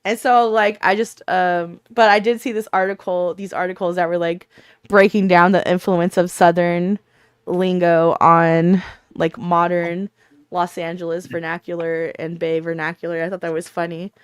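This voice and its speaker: A woman co-hosting a casual chat, telling animated stories and laughing often. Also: on the low side, normal speed, clean tone, no room sound, clean studio sound. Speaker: podcast co-host. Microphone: remote call mic.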